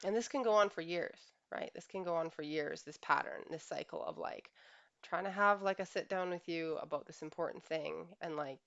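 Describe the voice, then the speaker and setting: Earnest low-voiced woman coach, muffled. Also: moderate pace, creaky, a bit bright, dry recording. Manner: earnest, with frequent sighs. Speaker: relationship coach. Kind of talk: reflective monologue.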